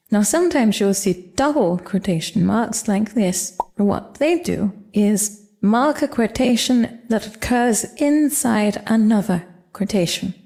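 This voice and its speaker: Woman, online language teacher, dark gravelly tone, patient explainer. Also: mid-range voice. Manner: clear, measured explaining with examples. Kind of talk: explanatory lesson.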